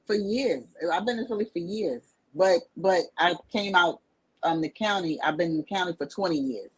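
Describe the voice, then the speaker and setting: A woman from Brooklyn with a New York accent, chatting on a podcast in a relaxed, halting way with many fillers. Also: fairly low pitch, slightly rough, poor audio. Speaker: podcast co-host. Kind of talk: casual podcast chat.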